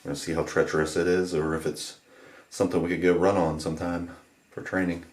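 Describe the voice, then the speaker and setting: Low-voiced man vlogging outdoors. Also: level tone, fast, a little mellow. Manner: rambling, loose, with many fillers and restarts. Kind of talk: casual walking vlog commentary. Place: outdoors on a forest trail and road. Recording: outdoor noise behind the voice.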